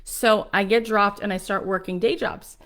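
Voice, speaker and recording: A woman's voice: mid-range voice, fairly even intonation, moderate pace, a bit bright. A woman in her forties from South Florida gives a live motivational talk to an audience, speaking candidly and emphatically with frequent "um" fillers. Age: 40s.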